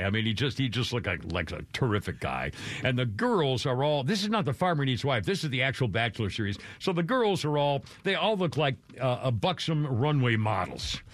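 A man's voice: mid-range voice, a bit bright, no echo. An older man hosting a radio show, rambling through a self-deprecating chat with chuckling asides.

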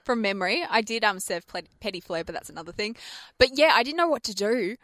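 A woman's voice: medium pitch, fast talker, no echo, studio quality. A woman co-hosting a radio show, chatting casually and telling stories with lots of laughter. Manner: animated storyteller, laughs often. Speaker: radio co-host. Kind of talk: casual on-air banter.

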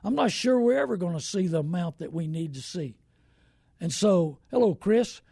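A man's voice: high voice, creaky, dark tone, slightly rough, dry recording, studio quality. A middle-aged man, hosting a car-buying show in a casual, rambling, folksy way and greeting viewers by name. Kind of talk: casual live-stream talk.

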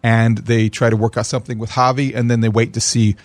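A man on a sports talk panel, a baseball reporter speaking in a measured, assured way. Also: medium pitch, flat delivery, dry recording.

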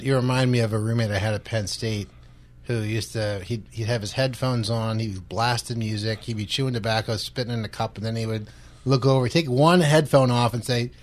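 A man hosting a radio interview, chatty and animated, who often acts out what other people said. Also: medium pitch. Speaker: radio host.

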